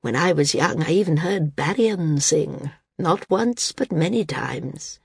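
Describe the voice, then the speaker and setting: A woman reading the part of a frail, dying old woman who speaks frankly, wearily and with quiet firmness. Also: low-pitched, animated, a little slow, gravelly, husky, no room sound, studio quality, exaggerated voice. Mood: wry. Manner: frank, weary, gently firm.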